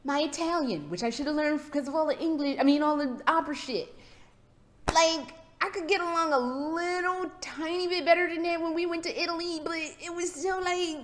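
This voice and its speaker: Woman, young adult, American accent, high voice, hyper, rambling, profane, casual vlog rant. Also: normal speed, slight background noise. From United States. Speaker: vlogger.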